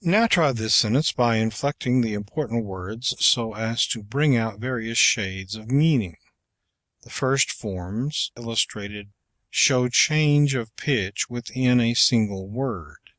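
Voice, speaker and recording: A male audiobook narrator reading an instructional text at an unhurried, careful pace. His voice sits in a middle pitch and sounds dry and close, with no room around it. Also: fairly bright tone, no echo. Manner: measured, deliberate reading. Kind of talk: scripted narration of an instructional book.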